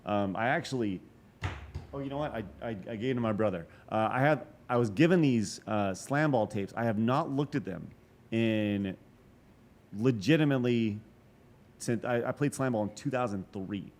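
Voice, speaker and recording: A man in his forties telling a long story as a podcast guest, animated and profane, with quick asides and restarts. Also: medium pitch. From Texas. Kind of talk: casual storytelling interview.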